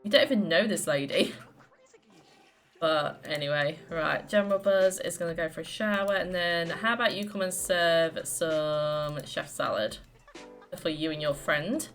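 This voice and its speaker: A woman casually commenting on her life-simulation game, chatty and quick to exclaim, often voicing her characters' lines. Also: deep voice, fairly bright tone, soft background music. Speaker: let's play host.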